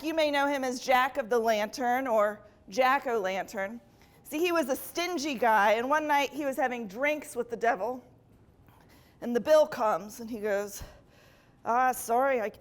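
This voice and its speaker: A woman hosting a comedy show, telling a playful story to a live audience and giggling along. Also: high-pitched.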